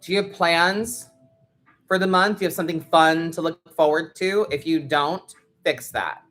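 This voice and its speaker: A woman's voice: fairly low pitch, normal speed, a bit bright. A woman hosting a live tarot stream, chatting casually and bluntly with viewers and swearing freely. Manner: blunt and sweary, talks straight to the chat.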